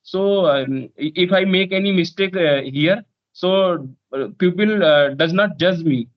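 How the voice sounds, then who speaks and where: Man, learner, hesitant and filler-heavy; slightly high voice, dull lo-fi sound. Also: measured pace. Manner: hesitant, many "uh, you know" fillers. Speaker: English learner guest. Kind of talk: casual conversation practice.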